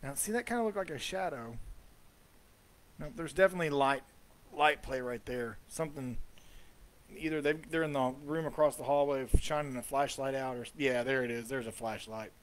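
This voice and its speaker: A man's voice: mid-range voice, moderate pace, a little hiss or hum. A man hosting a casual live commentary over ghost-hunt footage, chatty and trailing off with fillers. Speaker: host.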